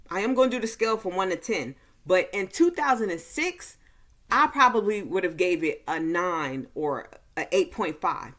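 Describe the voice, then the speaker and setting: A woman giving a casual movie recap and review, talking slowly and easily, with frequent fillers. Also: medium pitch, a bit bright. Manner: slow, easygoing delivery with many fillers.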